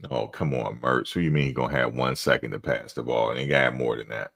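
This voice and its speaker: Middle-aged guy on a live stream, super deep gravelly voice, easygoing storyteller. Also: fairly even intonation, a little fast, a bit bright. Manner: laid-back storytelling, laughs often. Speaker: fan channel host. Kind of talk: casual live-stream chat.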